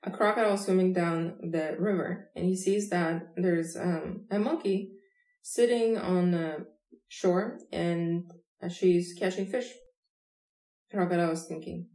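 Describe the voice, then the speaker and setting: A woman's voice: on the low side, steady tone, measured pace, warm tone, roomy sound, low-quality recording. A woman telling jokes in a casual chat, often laughing through her own punchlines. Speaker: podcast co-host telling jokes.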